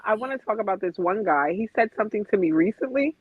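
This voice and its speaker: A woman's voice: mid-range voice, animated, fast talker, breathy edge, dry recording, phone-quality sound. A woman in a casual podcast chat, talking in a chatty way full of "like" and laughter.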